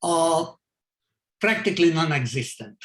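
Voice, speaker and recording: An older man from Hungary giving his survivor testimony, speaking haltingly with many fillers and restarts. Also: fairly high pitch, animated, fairly bright tone. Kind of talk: testimony in a video call talk. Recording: roomy echo.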